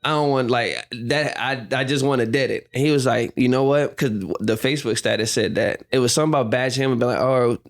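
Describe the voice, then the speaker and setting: Young man, podcast guest, casual storyteller who acts out voices, mid-pitched. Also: quick pace, few pauses. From United States. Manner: animated storyteller, acts out quotes, laughs often. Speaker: guest, professional basketball player.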